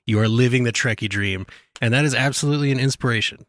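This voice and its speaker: A man at mid pitch talks eagerly and sincerely on a podcast, often stopping to restart a thought. His voice is recorded dry and close. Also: fast talker, a bit bright, no echo. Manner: enthusiastic, earnest, restarts sentences. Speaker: podcast co-host. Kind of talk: casual podcast chat.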